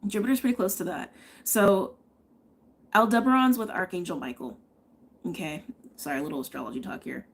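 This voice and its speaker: A woman's voice: lowish voice, a little fast, long pauses, breathy edge. A woman giving a live tarot and astrology reading, chatting and thinking aloud, often checking in with "okay?". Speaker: tarot reader.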